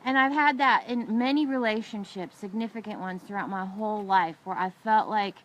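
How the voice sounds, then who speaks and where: A middle-aged woman co-hosting a faith talk show, telling an emotional personal story with lively, expressive delivery and asking her listener questions. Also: medium pitch, moderate pace, slight background noise, rough recording. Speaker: ministry show co-host. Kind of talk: testimony and encouragement talk.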